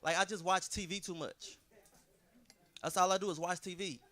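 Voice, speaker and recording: A man's voice: high-pitched, steady tone, moderate pace, bright, forceful tone. A man doing a laid-back, self-deprecating stand-up comedy set in a club.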